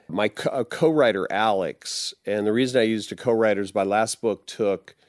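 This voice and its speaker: A man's voice: on the low side, normal speed, dry recording, clean studio sound. A man in his sixties, an interview guest, telling long stories casually with many fillers. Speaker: interview guest, rock musician.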